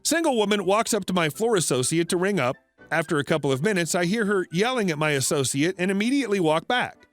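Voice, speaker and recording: A man narrating online stories aloud, lively and quoting characters. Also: high voice, quick pace, no room sound, soft background music. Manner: lively storytelling, quoting voices. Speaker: story narrator.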